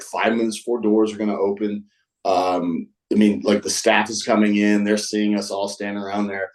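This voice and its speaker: Low-voiced man telling stories. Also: a little mellow, rough recording. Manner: rambling, with many fillers and restarts. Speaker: guest. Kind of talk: casual storytelling.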